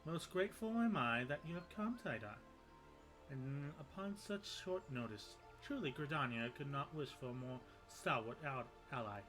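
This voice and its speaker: A man's voice: mid-range voice, lively intonation, normal speed, music in the background, natural voice, rough recording. A man voicing a stately elder woman leader in a game cutscene, speaking in formal, old-fashioned phrasing. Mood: solemn. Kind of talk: reading game cutscene dialogue aloud in voices.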